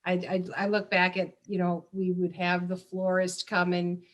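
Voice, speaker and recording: A woman's voice: fairly low pitch, monotone, a little slow, poor audio. Chatty fifties alumni woman. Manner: chatty and fond, some hesitant fillers. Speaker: alumni guest. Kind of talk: casual reminiscing.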